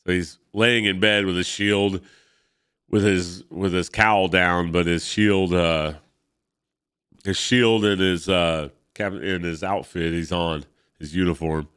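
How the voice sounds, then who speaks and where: A man's voice: sits low, steady tone, takes it slowly, fairly bright tone, smooth, no echo, studio quality. A man hosting a podcast, reading a comic aloud with dramatic narration and enthusiastic asides. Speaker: podcast host.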